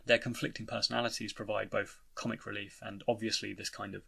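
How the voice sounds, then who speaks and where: A man's voice: fairly low pitch, little pitch movement, fast, vocal fry, fairly bright tone, breathy edge. A young British man giving a casual, rambling spoken review of a video game, with many restarts and fillers. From Britain. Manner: rambling, frequent "you know" and restarts.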